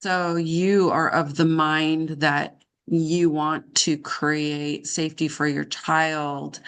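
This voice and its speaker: A woman practicing as a counselor, calmly paraphrasing and reflecting back what she hears. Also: low-pitched. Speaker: counselor in training.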